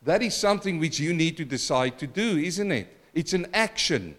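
A middle-aged male pastor giving an emphatic sermon, swinging between loud exclaims and quiet asides and calling for congregation responses. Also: big pitch swings, moderate pace. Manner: emphatic preaching with wide swings in loudness and pitch.

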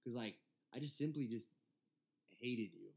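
A man's voice: mid-range voice, unhurried, vocal fry, darkish tone. A young man in his twenties from Michigan, co-hosting a casual podcast and telling a story with lots of laughter and swearing. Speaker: podcast co-host.

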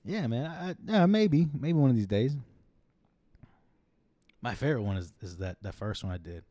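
A man's voice: mid-range voice, animated, moderate pace, dark tone, dry recording, clean studio sound. A man co-hosting a casual podcast, easygoing and a bit hesitant, laughing often. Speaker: podcast co-host.

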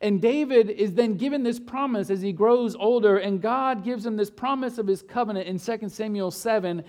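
Pastor, male, fairly high voice, chatty storytelling sermon, shifts from hushed to emphatic. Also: moderate pace. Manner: conversational storytelling with rhetorical questions.

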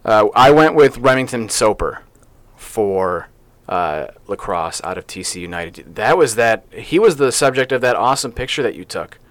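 A man's voice: lowish voice, sing-song, normal speed, fairly bright tone. A man co-hosting a local sports podcast in casual chat, rambling and playful as he talks through his picks. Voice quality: chatty, rambling, playful about names. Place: small podcast studio.

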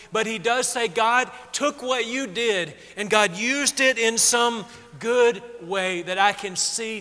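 A man's voice: sits high, pushed and bright, big-room sound. A man preaching a sermon in a conversational way, acting out the people in the story with rising feeling. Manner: conversational, acts out quotes with rising emotion. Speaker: pastor.

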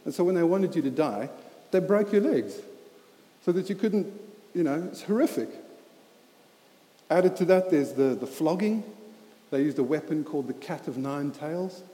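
Mellow-voiced preacher in a reverberant hall. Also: male voice, fairly high pitch, expressive, normal speed, pauses often. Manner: earnest, plain-spoken, with frequent 'you know' and repeated words. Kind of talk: conversational sermon.

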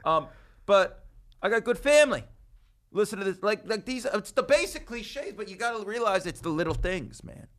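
Comedian-host, male, 30s, casual banter, animated delivery. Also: high voice, normal speed. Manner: animated, swings loud and soft, swears freely. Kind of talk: casual chat.

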